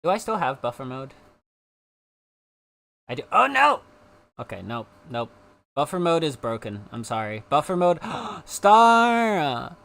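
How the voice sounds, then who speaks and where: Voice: mid-range voice, expressive, normal speed, long pauses. A young adult streamer with a slight South African accent, chatting casually and rambling between topics with frequent giggles. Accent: slight South African, between British and American. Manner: giggly, rambling, easily sidetracked. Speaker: live streamer.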